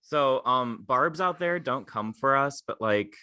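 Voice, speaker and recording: A man's voice: mid-range voice, animated, unhurried, pushed and bright, smooth, no room sound, clean studio sound. A man co-hosting a podcast in casual chat, rambling with stammered restarts and plenty of fillers. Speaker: podcast co-host.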